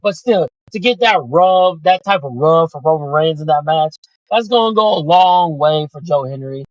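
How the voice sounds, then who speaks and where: Excitable, foul-mouthed male podcast host. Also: a little high, moderate pace, no room sound. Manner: excitable, profane storytelling. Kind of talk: casual chat. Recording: dull lo-fi dry sound.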